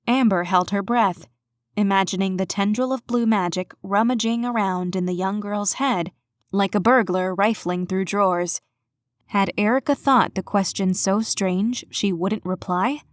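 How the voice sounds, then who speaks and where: A woman's voice: medium pitch, dry recording. Woman narrating an audiobook, dry and close.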